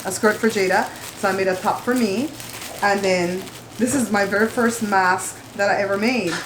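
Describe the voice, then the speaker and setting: A woman's voice: mid-range voice, steady tone, moderate pace, background noise. A chatty woman hosting a casual mukbang at her home dining table, talking straight to her viewers as she eats. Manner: chatty, talkative, addresses viewers directly. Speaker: mukbang host. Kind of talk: casual chat while eating. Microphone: camera on the table. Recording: roomy room with clattering dishes.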